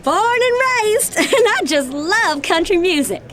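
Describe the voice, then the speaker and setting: A woman's voice: very high voice, expressive, unhurried, a bit bright, full character voice. An actress voicing a friendly young woman raised on a farm who gushes about country music. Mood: gushing.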